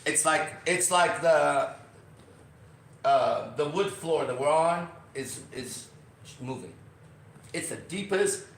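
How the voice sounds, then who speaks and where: A man hosting a podcast, telling a story in a casual, profane and animated way, acting out other people's lines. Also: fairly high pitch, takes it slowly, vocal fry, pauses often. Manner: profane, animated, acts out quotes. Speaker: podcast host. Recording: roomy, distant from mic.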